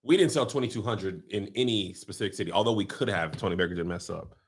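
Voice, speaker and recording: A man's voice: lowish voice, quick pace, slightly rough. A man, a comedian, chatting casually and offhandedly with a colleague. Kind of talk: casual chat.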